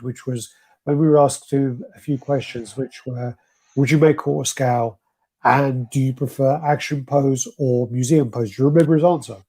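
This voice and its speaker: A man's voice: mid-range voice, darkish tone, breathy edge. A man hosting a casual live stream, reading out viewer comments with a laid-back, swearing manner. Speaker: host.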